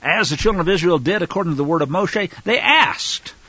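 A man's voice: high voice, animated, fairly quick, sharp tone, breathy edge, no room sound, muffled recording. A man preaching a sermon, reading scripture and explaining it, turning fiery when he denounces opponents. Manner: many fillers and restarts when explaining.

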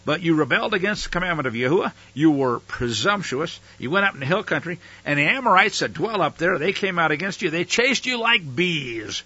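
A man's voice: on the high side, very animated, normal speed, sharp tone, slightly rough, no echo, dull audio. A man teaching from the Bible, reading scripture aloud with dramatic emphasis and breaking in with casual, plain-spoken asides.

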